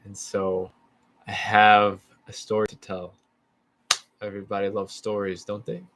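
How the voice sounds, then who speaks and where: A man presenting to an audience in an unhurried, halting, chatty way before playing a clip. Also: lowish voice, monotone, a bit bright. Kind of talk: casual talk to an audience.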